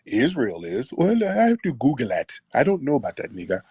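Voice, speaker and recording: A husky male host runs a call-in livestream in a combative, profane and emphatic way. His voice has a middle pitch, and the sound is dry and close. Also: huge pitch swings, a little fast, darkish tone, dry recording. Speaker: talk show host.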